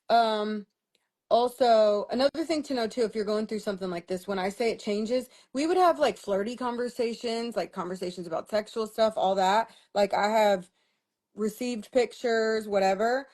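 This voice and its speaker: A young woman talks straight to her livestream audience, venting about a relationship in a frank, exasperated, profanity-laced way. Her voice sits at an ordinary middle pitch for a woman. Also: normal speed. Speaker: vlogger. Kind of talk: casual storytelling livestream.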